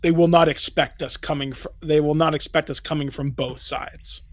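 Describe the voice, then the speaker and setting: A man's voice: on the high side, fairly even intonation, normal speed, lightly acted. A man voicing a hungry warlike orc. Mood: commanding.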